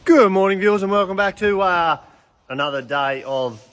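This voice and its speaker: A man's voice: mid-range voice, a little fast. A man with an Australian accent, casually chatting upbeat to his viewers while working on a car in a panel repair workshop. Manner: upbeat, chatty, laid-back slang, yells playful calls. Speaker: vlogger. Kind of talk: casual chat.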